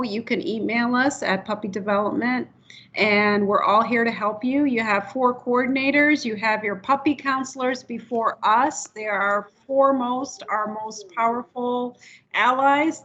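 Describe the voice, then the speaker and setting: A woman's voice: a little high, fairly bright tone. A woman hosting a video call webinar, giving chatty, practical advice to puppy raisers. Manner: chatty, acts out people's voices when explaining. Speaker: puppy development staff host. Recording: muffled video call audio.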